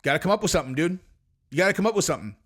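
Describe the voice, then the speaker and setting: A man's voice: on the high side, racing. A man hosting a channel of MMA commentary, ranting casually and animatedly to his viewers, swearing freely and spinning theories. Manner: animated, profane, speculative, talks straight to viewers.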